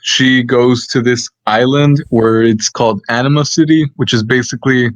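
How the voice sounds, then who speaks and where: A young man co-hosting a casual podcast, talking haltingly and laughing often. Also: medium pitch, steady tone, no room sound. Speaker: podcast co-host. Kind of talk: casual chat. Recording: dull lo-fi dry mic.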